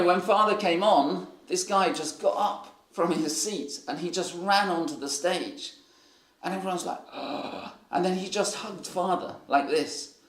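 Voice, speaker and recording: Rambling preacher man in an echoey hall. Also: fairly high pitch. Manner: rambling, many fillers and restarts. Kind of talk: sermon with storytelling.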